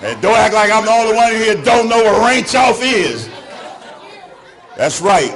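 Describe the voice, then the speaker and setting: Southern-accented male stand-up, slightly high voice, loose teasing crowd work. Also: sing-song, moderate pace, a bit bright. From Alabama. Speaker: stand-up comedian. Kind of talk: stand-up comedy set. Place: club stage before a live audience.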